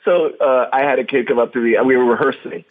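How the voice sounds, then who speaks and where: A man chatting as a guest on an interview podcast, telling stories in an animated, jokey way. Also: medium pitch, quick pace, phone-quality sound. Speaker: guest drummer. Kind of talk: casual interview chat.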